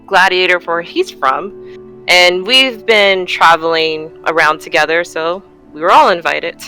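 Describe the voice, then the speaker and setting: A woman's voice: fairly low pitch, unhurried, bright, forceful tone, faint music behind, rough recording. A woman player in a tabletop game, speaking casually with some restarts. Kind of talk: tabletop role-play.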